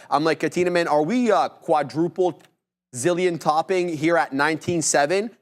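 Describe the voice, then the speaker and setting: Measured man explaining stock charts. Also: on the high side. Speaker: co-host trading live. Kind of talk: live market commentary.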